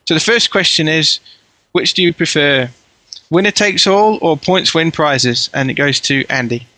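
Guy hosting a podcast panel, bright voice, bit higher pitched, chummy quizmaster vibe. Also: moderate pace, dry recording, low-quality recording. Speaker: podcast host. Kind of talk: casual panel chat.

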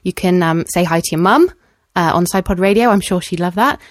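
A woman's voice: lowish voice, fairly quick, no echo, clean studio sound. A woman co-hosting a podcast in casual chat, talking in a loose way with frequent ums. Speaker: podcast co-host.

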